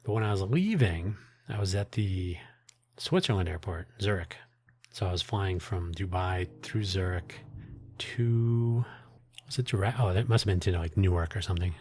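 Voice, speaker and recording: A man's voice: low voice, normal speed, darkish tone, husky. A man hosting his own podcast, talking in a rambling, wry way with frequent restarts and asides. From United States. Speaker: podcast host. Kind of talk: casual solo monologue.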